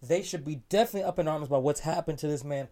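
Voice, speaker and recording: A man with a slightly raised pitch, talking earnestly in a casual podcast conversation. He builds his case point by point, stumbling and restarting as he goes. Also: rapid-fire, dark tone. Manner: earnest, argumentative, hesitant restarts. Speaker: podcast co-host. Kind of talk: casual chat.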